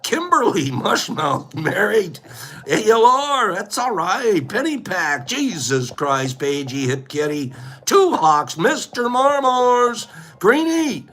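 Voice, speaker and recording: A man hosting a casual live stream, rambling playfully and calling out viewers by name with sudden high whoops. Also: sing-song, takes it slowly, fairly bright tone. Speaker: livestream host.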